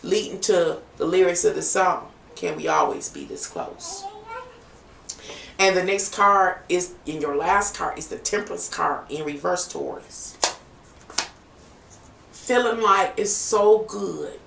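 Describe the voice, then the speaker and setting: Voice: mid-range voice, a little slow, creaky. A tarot reader giving a chatty, playful live-stream reading, with teasing asides to viewers. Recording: echoey room, distant from mic, faint noise.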